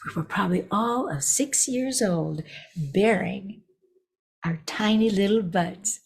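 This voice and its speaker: Expressive woman storyteller in her eighties. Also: medium pitch, husky. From New Orleans, USA. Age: 80s. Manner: lively and expressive, with playful asides to the audience. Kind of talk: performed personal storytelling.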